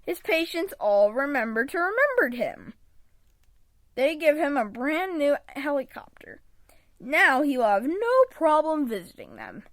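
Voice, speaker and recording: A woman reading a children's picture book aloud in an expressive read-aloud manner, close to a home microphone. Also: sits high, measured pace, no echo. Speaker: storybook reader.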